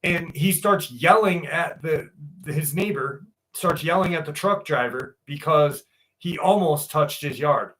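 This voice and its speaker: A man's voice: on the high side, measured pace, fairly bright tone, poor audio. A man hosting a podcast, telling rambling, profane anecdotes full of fillers and reading a listener's story aloud. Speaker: podcast host.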